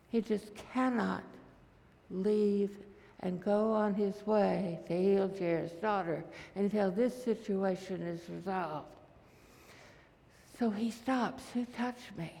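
A woman preacher giving a sermon, retelling a scripture story in vivid, unhurried detail. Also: medium pitch, creaky, darkish tone, long reverb tail.

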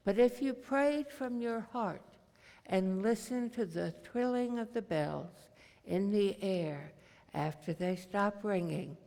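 A preacher voicing a devout, calm and certain young peasant woman in a sermon, speaking steadily and earnestly. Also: mid-range voice, slow, creaky, in a large hall.

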